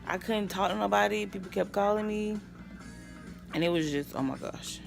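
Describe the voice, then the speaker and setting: Exhausted gravelly-voiced woman. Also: medium pitch, normal speed, soft background music. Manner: tired, rambling, with sighs and yawns. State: exhausted from no sleep. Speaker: vlogger. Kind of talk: casual vlog update.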